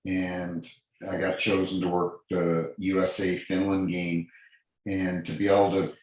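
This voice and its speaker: Brief: middle-aged guest, deep voice, earnest anecdotes, heavy room echo. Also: male voice, flat delivery, measured pace, a little mellow. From New Brunswick, Canada. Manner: earnest, repeats and restarts phrases, tells anecdotes. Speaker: guest, former hockey referee. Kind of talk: casual interview talk. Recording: very echoey room.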